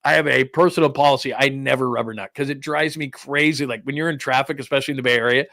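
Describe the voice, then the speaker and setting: A man's voice: mid-range voice, steady tone, fast, vocal fry, a bit bright, no echo, studio quality. A middle-aged man hosting a sports talk show, chatting casually in a rambling way and laughing often. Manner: rambling storytelling with frequent laughs. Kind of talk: casual chat.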